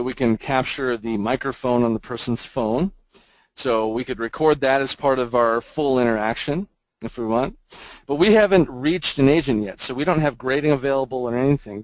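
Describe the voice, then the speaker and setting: A man presenting a software product demo in a webinar, explaining features in a casual, filler-laden way. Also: mid-range voice, dry recording, poor audio.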